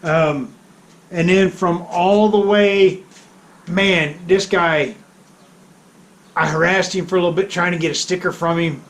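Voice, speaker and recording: Joking American man with a high voice. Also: steady tone, measured pace, long pauses, fairly bright tone. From United States. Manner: joking, rambling, self-deprecating. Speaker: motorcycle vlogger host. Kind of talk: casual chat to camera. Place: home garage.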